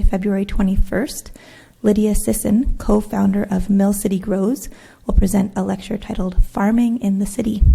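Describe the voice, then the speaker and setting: A woman with a hoarse, raspy voice, introducing a seminar speaker with measured, scripted announcements in a lecture room. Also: medium pitch, warm tone.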